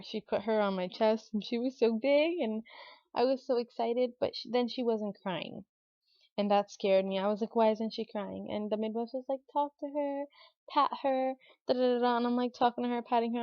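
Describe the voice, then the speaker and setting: A woman's voice: mid-range voice, no echo. A young woman and new mother telling a personal story in a casual, chatty way, with lots of fillers, lifting her voice when she quotes herself and others. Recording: dull, lo-fi recording.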